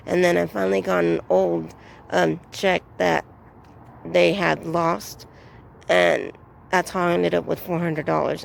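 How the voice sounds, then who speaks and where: Gravelly chatty woman vlogging outdoors. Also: lowish voice, slight background noise. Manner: rambling, chatty storytelling with many fillers. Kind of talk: casual vlog talk.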